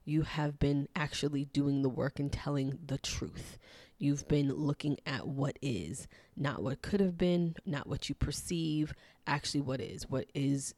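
A woman's voice: deep voice, warm tone, dry recording. A young adult woman hosting a casual self-help talk, reflective and repetitive, with frequent fillers and light laughs. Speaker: podcast host.

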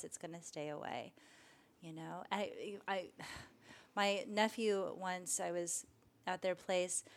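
A woman meditation teacher speaking as a guest in a conversational interview, calm and reflective, growing gently animated when she acts out examples. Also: on the low side.

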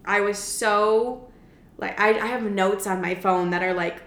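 A woman's voice: medium pitch, measured pace. Chatty young woman in an echoey room. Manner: chatty, frequent "like", animated retelling. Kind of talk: candid casual chat.

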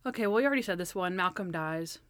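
A woman's voice: on the low side, animated, fast talker, no echo. A woman co-hosting a casual chat about a TV episode, animatedly retelling scenes. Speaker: podcast co-host.

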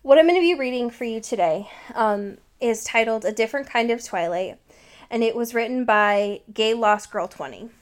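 A woman's voice: a little high, moderate pace. A woman podcast host who chats casually, jokes and laughs often, and reads fan fiction aloud. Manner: joking, laughs often, many fillers. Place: Seattle.

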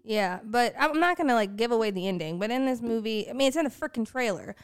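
A woman's voice: fairly high pitch, lively intonation, quick pace, clean tone. A young woman co-hosting a podcast in casual chat, rambling and self-mocking, swearing freely. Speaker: podcast co-host.

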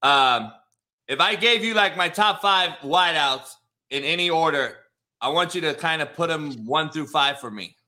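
A man's voice: fairly high pitch, moderate pace, pushed and bright. A man hosting a casual sports talk show, laid-back, swearing freely and restarting his sentences. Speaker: podcast host.

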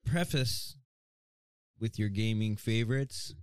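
A man's voice: lowish voice, takes it slowly, a little mellow, smooth, no room sound. A young man hosting a podcast in casual chat, teasing his guests and steering the conversation. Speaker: podcast host.

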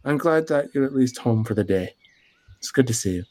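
A man voicing a calm woman running a tavern, speaking softly and easily. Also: mid-range voice, a little fast, natural voice. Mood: easygoing.

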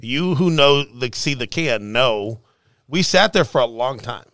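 A man who is a pastor and mentor, recalling a story in a casual chat with dry, deliberate emphasis. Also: mid-range voice, expressive, a bit bright, no echo.

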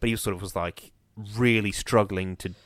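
A man chatting casually as a podcast co-host, telling an animated story full of ums and restarts. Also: fairly low pitch, normal speed, no room sound. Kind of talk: casual chat. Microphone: on camera, close mic.

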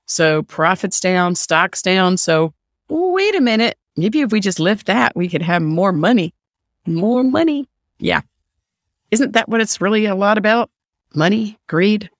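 A man's voice: high voice, creaky, fairly bright tone, no echo, studio quality. A middle-aged man hosting a podcast, ranting solo in a sarcastic, profane way. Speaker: podcast host. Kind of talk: solo opinion rant.

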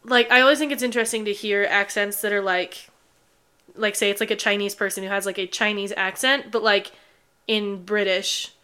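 A woman co-hosting a podcast in casual chat, giggly and quick to chime in. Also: medium pitch, steady tone, sharp tone, smooth. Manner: giggly, quick agreeing interjections. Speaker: podcast co-host.

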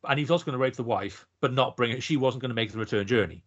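A man rattles through a film review at a brisk clip, blunt and profane, often restarting sentences. His voice comes through slightly muffled, like a modest podcast setup. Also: mid-range voice, fairly bright tone. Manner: blunt, sweary, rambling with restarts. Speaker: podcast co-host. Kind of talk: casual film review chat.

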